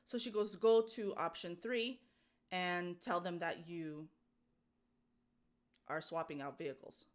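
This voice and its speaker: A young adult woman co-hosts a podcast, telling a story in casual chat while animatedly acting out the people she quotes and laughing often. Her voice is fairly low, slow-paced, with frequent pauses.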